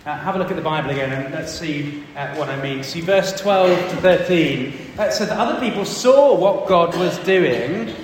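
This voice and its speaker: A man leading a lively church family talk, quizzing the children and reading from the Bible. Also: fairly high pitch, normal speed, hardly any pauses, slight background noise. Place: large echoey church hall. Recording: echoey hall, distant mic.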